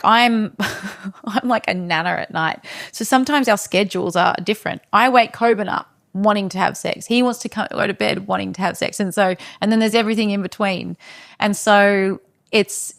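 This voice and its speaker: A woman's voice: mid-range voice, creaky, no room sound, studio quality. A woman talking as a podcast guest in a casual interview, candid and frank as she tells stories.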